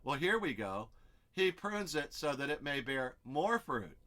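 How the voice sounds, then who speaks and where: Guy leading a bible study, bright clear voice, walks through it step by step like he's thinking out loud. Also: fairly high pitch, very animated, a little slow. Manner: explains step by step, thinking aloud over on-screen text. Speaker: Bible teacher. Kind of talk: expository Bible study lesson.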